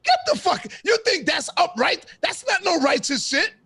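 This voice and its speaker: Loud preaching man, high gravelly voice. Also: sing-song, moderate pace, no echo. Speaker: host. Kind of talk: heated live-stream debate.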